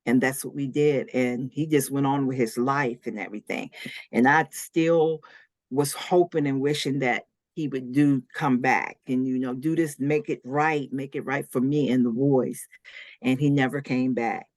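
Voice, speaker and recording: A woman's voice: a bass voice, fairly even intonation, normal speed, darkish tone, no echo, studio quality. A woman guest on a faith podcast, telling her personal story with strong emotion and acting out what others said. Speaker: interview guest.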